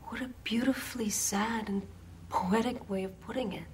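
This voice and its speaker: An actress playing a soft-spoken woman scientist who gushes with admiration in a film scene. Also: on the high side, steady tone, normal speed, natural voice. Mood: admiring. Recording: film soundtrack with clear music.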